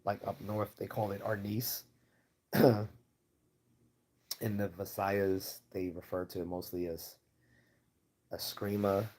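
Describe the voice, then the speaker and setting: A man with a Baltimore accent hosts a livestream Q&A, answering viewer questions casually and ramblingly with lots of fillers and restarts. His voice is on the low side and darkish, with a level tone, a slow pace and frequent pauses.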